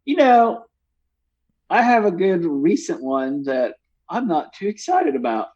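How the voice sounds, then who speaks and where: Casting note: male podcast co-host, a bit high, loose storyteller who laughs often. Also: big pitch swings, slow, long pauses, darkish tone. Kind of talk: casual chat.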